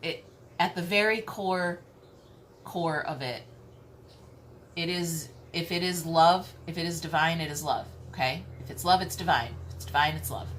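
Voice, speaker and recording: A woman's voice: lowish voice, normal speed, fairly bright tone, a little hiss or hum. A woman tarot reader giving a spiritual teaching talk, emphatic and repetitive, checking in with "okay?" and swearing casually.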